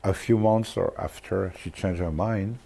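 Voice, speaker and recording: A man with a French accent recalling his marketing work in an interview, speaking haltingly with many restarts. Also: deep voice, steady tone, gravelly, dark tone, breathy edge. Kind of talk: interview recollection.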